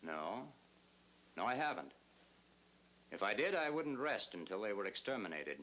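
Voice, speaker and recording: A man's voice: fairly low pitch, very animated, normal speed, sharp tone, exaggerated voice. An actor playing a sly, polished townsman who speaks effusively in a 1940s Western film. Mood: smooth.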